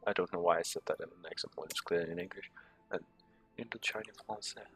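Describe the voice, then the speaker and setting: A man's voice: deep voice, level tone, racing, fairly bright tone. A man giving casual strategy game commentary, reading menu text aloud with sarcastic, muttered asides. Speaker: gameplay commentator.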